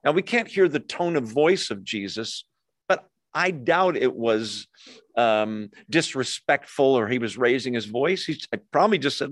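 A man of ordinary pitch leads a Bible study, walking through the text verse by verse. He talks it over casually, stopping for asides and fixing his own slips as he goes. The sound is close and dry. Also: animated, unhurried, dry recording. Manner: explains verse by verse, asides and self-corrections. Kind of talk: conversational scripture teaching.

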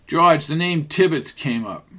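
A man with a slightly high voice narrates a mystery radio drama. He tells the story steadily and also speaks the detective's lines. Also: lively intonation, measured pace, pushed and bright.

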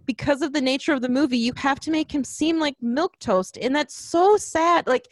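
A woman's voice: sits high, normal speed, no echo. A woman ranting in casual chat about a film, acting out lines as she goes. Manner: ranting, animated, acts out quotes.

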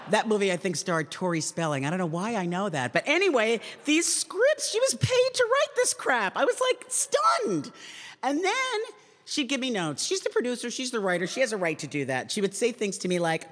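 A woman comedian giving a talk, telling a wry, self-deprecating story to a live audience with lively jumps in pitch. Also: moderate pace. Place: large public hall. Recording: long reverb in a large hall.

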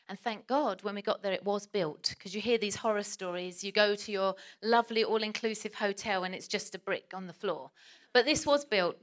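A woman's voice: mid-range voice, fairly bright tone. A woman preacher, telling a chatty, self-deprecating story in a sermon.

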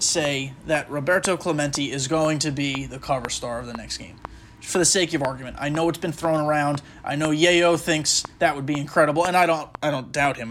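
Male host, casual gaming chat, slightly higher voice, rambling with lots of fillers, light hiss behind. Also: a bit bright. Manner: rambling, self-interrupting, with frequent fillers. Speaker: podcast host playing a baseball video game. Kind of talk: casual gaming commentary and speculation.

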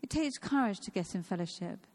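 A woman's voice: mid-range voice, lively intonation, a little fast, darkish tone. A woman of fifty giving an informal, personal sermon in a church, earnest and repeating phrases for emphasis. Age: 50s. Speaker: church speaker.

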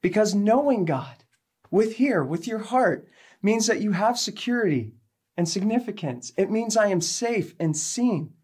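A woman giving a sermon, telling a personal story with animated delivery and acting out the people in it. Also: mid-range voice, unhurried, slightly rough. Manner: animated, acts out quoted people, laughs while telling. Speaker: speaker giving a faith talk.

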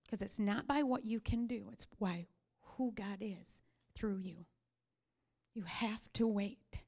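A woman preaching a sermon, telling stories with energy and then sinking to soft whispers. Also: mid-range voice, a little slow, pauses often. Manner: animated storytelling that sinks to soft whispers.

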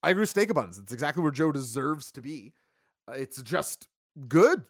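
A man co-hosting a casual wrestling review stream, talking in an animated, chatty way and reacting to viewer chat. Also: fairly high pitch, brisk, no room sound, studio quality.

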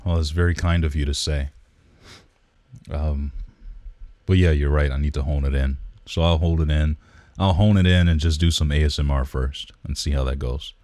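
A man's voice: extremely low pitch, fairly even intonation, moderate pace, darkish tone, no room sound. A man co-hosting a podcast, chatting in a laid-back, rambling way with lots of fillers, recorded close on the mic. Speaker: podcast co-host. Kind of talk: casual chat.

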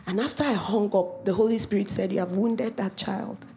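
A woman from Africa preaching a sermon, animated, with playful asides and acted-out quotes. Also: medium pitch, moderate pace, a little hiss or hum.

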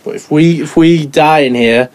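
A man's voice: fairly high pitch, moderate pace, natural voice, low-quality recording. A man playing a grumpy sweary woman traveller. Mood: grumbling. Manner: grumbling, sweary.

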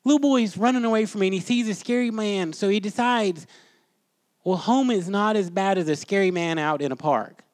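A man's voice: sits high, normal speed, darkish tone, dry recording. A man teaching a Bible class in a chatty, storytelling way, putting questions to his listeners. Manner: conversational, quizzes the class, storytelling.

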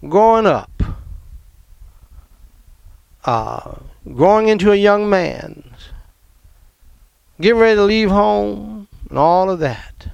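Gravelly man telling his story. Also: sits high, slow pace, long pauses, no echo, lo-fi sound. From American South. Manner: emotional, animated, laughs often. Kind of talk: personal storytelling.

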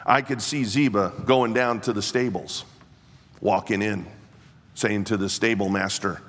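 Male preacher, slow storyteller, swells to passionate emphasis, mid-pitched voice in a hall with long reverb. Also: steady tone, fairly bright tone. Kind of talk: sermon.

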